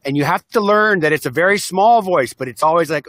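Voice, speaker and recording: A man's voice: fairly high pitch, animated, brisk, fairly bright tone, no room sound. Upbeat man on a video call. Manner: enthusiastic, upbeat, acts out voices. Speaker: interview guest, self-help speaker and musician. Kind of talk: casual interview talk.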